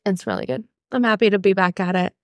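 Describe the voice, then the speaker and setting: A young woman co-hosting a podcast in casual chat, giggly and animated, swearing freely. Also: medium pitch, quick pace, creaky, no echo, clean studio sound. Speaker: podcast co-host.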